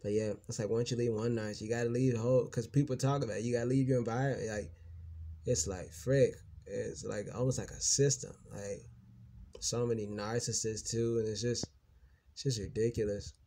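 A man talks straight to his viewers in a loose, rambling rant, swearing freely and circling back over the same points. His voice sits low and dark. As he goes on he turns heated and emphatic. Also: steady tone, a little fast. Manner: rambling, profane, repeats himself. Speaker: vlogger. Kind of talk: casual venting monologue.

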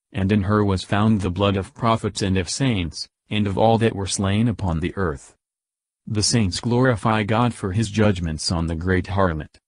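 A man reading Bible scripture aloud in a slow, measured recitation. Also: on the low side, no echo, clean studio sound. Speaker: scripture reader.

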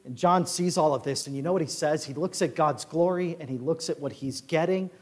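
High-voiced man preaching in a church. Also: fairly quick. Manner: emphatic scripture reading, switching to quiet storytelling. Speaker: pastor. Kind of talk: sermon. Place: church sanctuary. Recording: echoey church sanctuary reverb.

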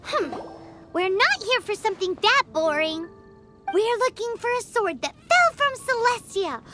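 A woman voicing a tiny, excitable female companion in a game, who blurts things out and bounces between excitement and schemes. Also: extremely high pitch, full character voice. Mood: scheming. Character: tiny chirpy female floating companion, greedy for treasure. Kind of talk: game dialogue. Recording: game audio with music behind.

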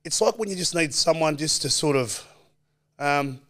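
An Australian man in his forties, a former footballer, telling animated stories as a podcast guest and acting out quoted voices. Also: a little high, normal speed. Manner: animated storyteller, acts out quoted voices, laughs often. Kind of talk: casual storytelling chat.

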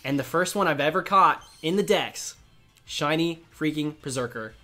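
A man doing excited gaming commentary as a YouTuber, chatty and excitable, cooing at the creatures on screen. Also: fairly high pitch, moderate pace, soft background music.

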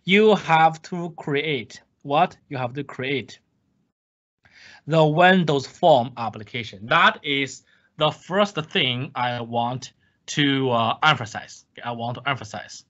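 A man's voice: medium pitch, slow, bright, forceful tone. A man giving a recorded course lecture, repeating key points with emphasis and asking the class questions he then answers himself. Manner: repetitive, emphatic, asks and answers his own questions. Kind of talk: recorded screen-share lecture. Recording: dull lo-fi lecture capture.

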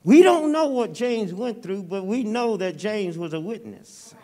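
A man's voice: sits high, animated, unhurried, darkish tone. A man preaching as a guest in a church, folksy and conversational with frequent stammered repeats. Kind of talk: Baptist sermon. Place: church sanctuary.

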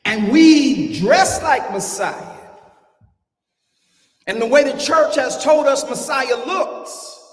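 A man preaching a sermon, swinging from quiet asides to shouted, animated climaxes. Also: very high voice, takes it slowly. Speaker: pastor. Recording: echoey church hall, mic from far off.

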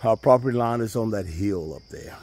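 A man strolls outdoors near a pond, showing off his land in a casual, folksy Southern manner. He talks a little fast, with a lowish, slightly mellow voice, as birds and insects sound faintly in the background.

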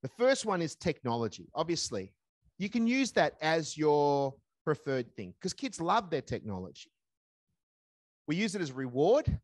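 An older man giving a parenting seminar, talking conversationally and acting out calm parent dialogue. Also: a little high, unhurried, dry recording, clean studio sound. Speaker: seminar speaker.

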